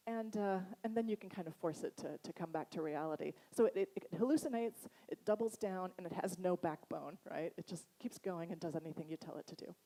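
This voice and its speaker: Boston-accented woman, lively conference speaker, warm low-bright tone. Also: a little fast, low-quality recording. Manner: chatty and animated, laughs often. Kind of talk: conference talk. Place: conference hall.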